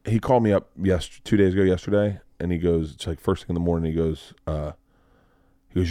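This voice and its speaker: Low-voiced man telling stories. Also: fairly even intonation, brisk, dark tone, no echo, clean studio sound. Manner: profane, rambling storytelling. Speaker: podcast host. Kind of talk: casual chat.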